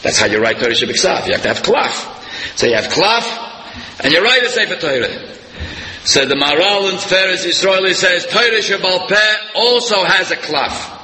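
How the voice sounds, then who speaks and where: A man delivers a Torah lecture in a bright, slightly high voice. He swings into sharp, animated peaks as he tells stories. The recording carries a long hall echo with faint room noise behind. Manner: animated storyteller, voice leaping up for emphasis. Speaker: rabbi giving a Torah class. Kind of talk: sermon-style Torah lecture.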